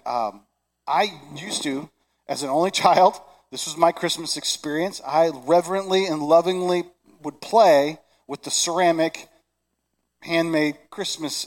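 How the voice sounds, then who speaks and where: A middle-aged man preaching a Christmas sermon, animated and shouting excited lines. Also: a little high. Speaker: pastor. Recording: long reverb of a large hall.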